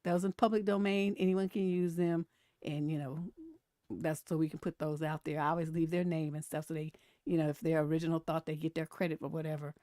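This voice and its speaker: A woman over forty, a relationship coach, hosts a live stream in a low voice at a slightly fast clip, recorded in clean studio sound with no echo. She chats animatedly about memes and posts, laughs often, and reads comments aloud.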